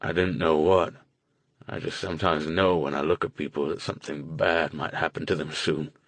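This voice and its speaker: Narrator putting on a very deep, husky old drifter, hesitant and mumbling, for a dry-recorded audiobook. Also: male voice, steady tone, normal speed, dry recording. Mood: regretful. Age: older. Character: hunched old drifter man, timid and weary. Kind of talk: audiobook character voice.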